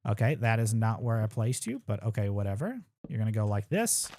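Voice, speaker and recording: Thinking aloud as he plays, a young man casually walks through his own game speedrun, tossing in self-deprecating remarks about his mistakes. His fairly low, warm voice is sing-song and fairly quick, recorded dry.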